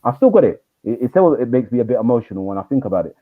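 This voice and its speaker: Fast-talking man on a tinny line. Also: medium pitch. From East London. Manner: animated storyteller, quick. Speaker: guest, teacher trainer. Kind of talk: interview storytelling.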